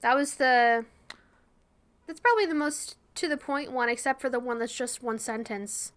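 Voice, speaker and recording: A young woman co-hosting a podcast in casual chat, playful and quick to laugh. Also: high-pitched, a bit bright. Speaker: podcast co-host.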